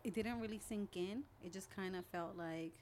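A young woman talking casually as a guest, telling stories about her family with lively quoted voices. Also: mid-range voice, normal speed, a little hiss or hum. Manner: animated storytelling, acting out family quotes. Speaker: guest, older sister. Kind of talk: casual conversation.

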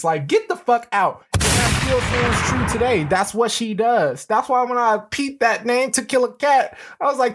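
A man's voice: very high-pitched, moderate pace, hardly any pauses, very noisy. Brash, profane man ranting on a livestream. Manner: animated, profane, swings from muttering to shouting; reads out screenshot messages and mocks them. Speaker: live-stream host. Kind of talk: ranting live-stream commentary.

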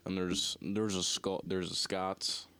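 A young man with a Northeastern US accent and a low voice talks loosely as a podcast co-host. He trails off and restarts often, and the recording is dry and close, with no room sound. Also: flat delivery, pushed and bright, clean tone, no room sound. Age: young adult. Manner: rambling, halting, many restarts and fillers. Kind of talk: casual chat.

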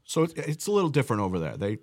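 A young man, a podcast guest, telling stories in casual chat with halting restarts. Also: mid-range voice, huge pitch swings.

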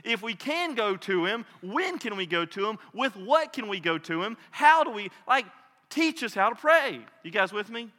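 High, bright-voiced preaching man in a hall. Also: normal speed. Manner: animated preaching, swings from loud cries to hushed tones. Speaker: pastor. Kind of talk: sermon.

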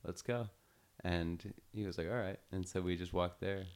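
Deep-voiced man telling a loose story. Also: fairly even intonation, normal speed, a little mellow, clear, resonant tone. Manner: loose, profane storytelling full of "like". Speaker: podcast host. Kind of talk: casual storytelling chat.

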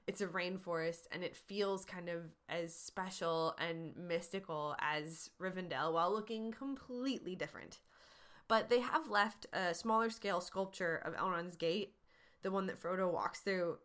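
A woman's voice: lowish voice, fairly bright tone. A woman hosting a podcast, answering listener questions in an earnest, encouraging, conversational way. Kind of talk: casual advice talk.

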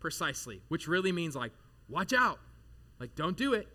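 A man's voice: a little high, big pitch swings, normal speed, sharp tone. A man in his thirties, a pastor giving a sermon in a church, talking conversationally and animatedly with casual asides. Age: 30s.

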